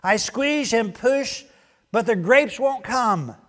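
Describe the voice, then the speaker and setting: A man's voice: very high-pitched, expressive, slow pace, a bit bright, long reverb tail, voice pushed up, full character voice. A man voicing a timid, exhausted vine tendril that complains it cannot produce grapes. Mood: whiny. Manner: whiny, blurting.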